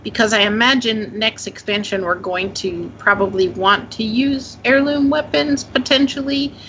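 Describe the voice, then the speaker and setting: A woman from Canada co-hosting a gaming podcast, sassy and quick with a ready laugh. Her voice is bright and crisp and sits fairly high. It comes through dull and lo-fi with a faint hiss behind it. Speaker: podcast co-host. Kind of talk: casual gaming podcast chat.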